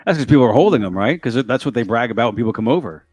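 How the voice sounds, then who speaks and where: A man's voice: mid-range voice, lively intonation, very fast, darkish tone, no echo, soft background music. A man guest-starring on a casual live stream, joking and telling goofy stories. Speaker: guest co-host.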